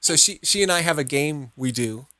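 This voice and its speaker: Animated, bright-voiced male podcast host. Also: a little high, moderate pace, dry recording. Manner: enthusiastic, laughs often, repeats "right?", acts out little dialogues. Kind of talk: casual interview chat.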